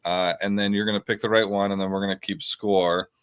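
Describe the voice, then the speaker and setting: A man's voice: fairly low pitch, little pitch movement, brisk, clear, resonant tone. A man hosting a casual slang quiz among friends. He jokes and often restarts his sentences. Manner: joking, with frequent restarts. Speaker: host and quiz master. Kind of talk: casual group chat.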